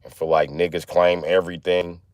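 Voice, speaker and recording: A man with a fairly low voice chats loosely on a phone livestream, joking with his viewers. The sound is dry and close, with no room around it. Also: flat delivery, fairly quick, clean tone, no room sound. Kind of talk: casual livestream chat.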